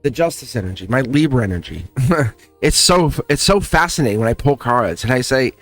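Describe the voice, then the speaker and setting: A man hosting a spiritual tarot talk, speaking in an animated way with lots of repetition and frequent laughs. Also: medium pitch, moderate pace, no room sound, faint music behind. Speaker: tarot reader and channel host.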